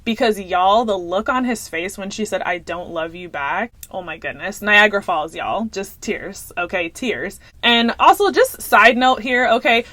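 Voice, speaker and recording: A young woman talks straight to her viewers in a relaxed, gossipy recap, sprinkling "y'all" and "like" through her sentences. Her voice sits at an ordinary middle pitch. It is recorded close and dry, with no room sound around it. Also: moderate pace, hardly any pauses, no room sound. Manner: chatty, animated, addresses viewers as y'all. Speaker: movie reviewer. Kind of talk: casual movie recap vlog.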